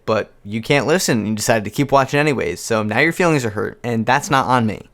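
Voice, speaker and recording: A man's voice: medium pitch, fairly quick, hardly any pauses, fairly bright tone. A man hosting a comedic video commentary, sarcastic and incredulous. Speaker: commentary youtuber.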